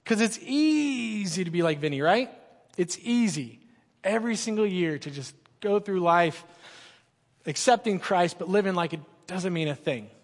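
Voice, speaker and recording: A man's voice: sits high, lively intonation, normal speed. A man preaching a sermon as a student pastor, joking and conversational with the congregation in a large church. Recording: long hall reverb.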